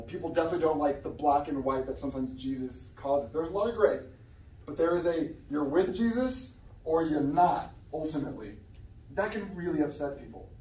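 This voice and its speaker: A young man preaches in an easygoing, conversational way, now and then breaking into loud outbursts. His voice sits a little high. The sound is roomy and echoey, picked up from some distance in a church. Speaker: guest preacher. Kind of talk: sermon. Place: church sanctuary. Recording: echoey church room, somewhat far from the mic.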